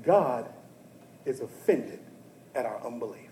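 A male pastor preaching a sermon who talks straight to the congregation and swings from hushed talk to shouting. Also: medium pitch, animated, a little slow, roomy sound, slight background noise, poor audio. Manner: addresses the congregation directly and often.

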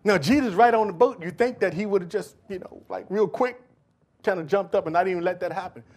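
A man preaching a sermon as pastor, building to loud, pleading calls and then dropping to quiet asides to the congregation. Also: high-pitched, brisk. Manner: preaching with rising shouted appeals and sudden drops to quiet asides.

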